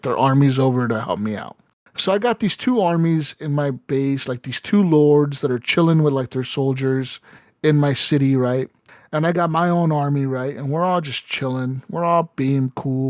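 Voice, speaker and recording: A man's voice: fairly high pitch, a little mellow, no room sound, clean studio sound. A man hosting a podcast in casual chat, telling a story animatedly, swearing often and saying "right?" and "like" a lot. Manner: many fillers like "right?" and "like". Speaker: podcast host.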